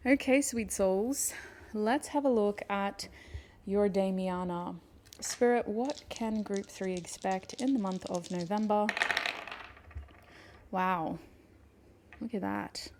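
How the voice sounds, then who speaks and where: A woman giving a pick-a-card tarot reading, speaking gently and affectionately to her viewers, teary and sniffling with emotion. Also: medium pitch, takes it slowly, long pauses. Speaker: tarot reader.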